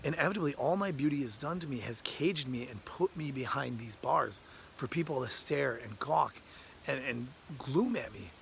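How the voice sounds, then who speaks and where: A man voicing a wise, gentle peacock in a zoo cage, speaking calmly and reflectively. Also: medium pitch, vocal fry, slight background noise. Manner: calm, reflective.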